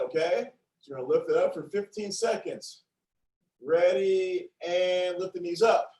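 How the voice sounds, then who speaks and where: A man's voice: high-pitched, moderate pace, a little mellow, echoey room, recorded from a distance, rough recording. A man leading a seated exercise class, counting reps aloud and cheering participants on in a playful, encouraging way. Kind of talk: upbeat class instruction with counting.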